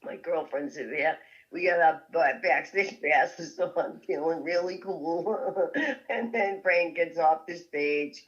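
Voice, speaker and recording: A woman telling a story as a podcast guest, lively and laughing often as she goes. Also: deep voice, takes it slowly, muffled recording.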